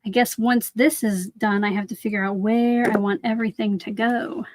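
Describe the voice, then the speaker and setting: A woman's voice: medium pitch, steady tone, moderate pace, a little hiss or hum. A woman hosting a craft livestream, chatting casually and answering viewer comments while she works, often saying "like".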